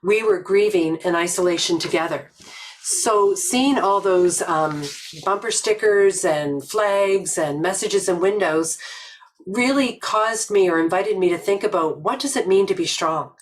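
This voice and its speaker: An older woman from Nova Scotia giving a reflective webinar talk, telling stories slowly and earnestly with many pauses. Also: mid-range voice, low-quality recording. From Nova Scotia, Canada. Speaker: webinar presenter.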